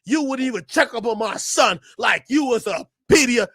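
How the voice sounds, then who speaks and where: A man ranting loudly and profanely to his chat during a live stream reaction. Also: extremely high pitch, animated, moderate pace, slightly rough, no room sound, studio quality. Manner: loud, profane ranting, often shouting; talks to his chat and laughs between bits.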